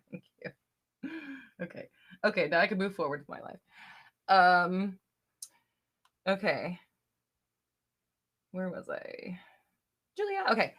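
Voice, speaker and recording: A woman's voice: on the low side, sing-song, slow, pauses often, a bit bright. A young woman hosting a live question-and-answer chat at home, reading viewers' comments aloud in a chatty, giggly way with lots of fillers and the odd swear. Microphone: desk microphone.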